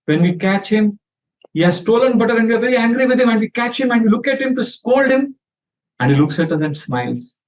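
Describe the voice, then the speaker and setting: A man's voice: very high voice, animated, fairly quick, voice pushed up. A man voicing a village milkmaid woman who pleads with a mother about her mischievous child, in an exasperated storytelling tone. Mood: complaining. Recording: dull lo-fi sound.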